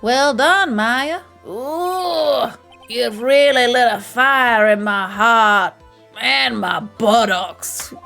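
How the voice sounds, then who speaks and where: A woman voicing a pompous older male lawyer, booming and drawn out. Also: very slow, vocal fry, bright, forceful tone, soft background music, exaggerated voice.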